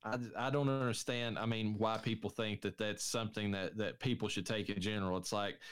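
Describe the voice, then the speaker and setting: A man's voice: lowish voice, fairly even intonation, fairly quick, smooth. A man in casual chat giving rambling, reflective opinions.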